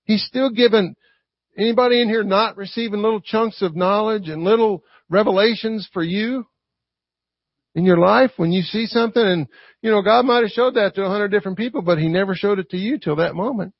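A man preaches in a high, gravelly, husky voice, keeping the sermon conversational and tossing "right?" back at the congregation. The recording is dry and dull, like a lo-fi church tape. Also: brisk, dry recording.

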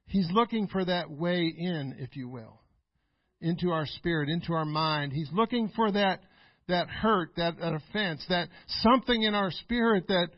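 A man pastor preaching a sermon, emphatic and repetitive, building to loud exclamations. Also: high voice, moderate pace, dry recording. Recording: dull, dry lo-fi recording.

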